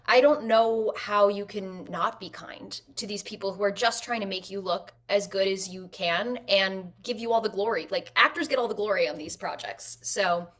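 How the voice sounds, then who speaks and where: A woman, an actress and guest, telling stories at home in a lively way and using "like" often. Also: medium pitch, moderate pace, few pauses. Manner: animated storyteller, frequent "like" fillers. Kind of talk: conversational interview.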